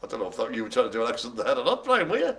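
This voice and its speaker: A man's voice: medium pitch, huge pitch swings, racing, vocal fry, crowd noise. A man hosting a live online bingo game, calling dog breeds in a playful, teasing way with theatrical asides. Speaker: bingo caller host.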